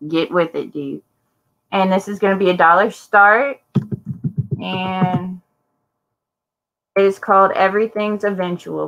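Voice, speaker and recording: A woman's voice: medium pitch, fairly bright tone, rough recording. A woman co-hosting a live sale, chatting casually and joking between items. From Louisiana. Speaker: co-host selling items.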